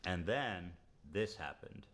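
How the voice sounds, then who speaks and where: A man's voice: low voice, expressive, takes it slowly, fairly bright tone. A man giving scripted commentary narration in a dry, sardonic way.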